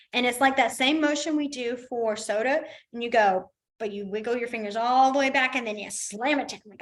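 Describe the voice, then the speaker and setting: A chatty woman teaching a beginners' class, her voice sitting a little high. She laughs easily and drifts into soft, quiet stretches while she demonstrates. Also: fairly even intonation. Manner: chatty, laughs often, talks through demonstrations with long quiet pauses. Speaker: sign language teacher. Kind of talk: casual class instruction. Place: library classroom.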